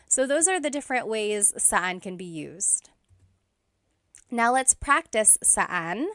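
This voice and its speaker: A woman teaching a language lesson, explaining slowly and carefully with repeated example phrases. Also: on the high side, bright, forceful tone, smooth, no echo, studio quality.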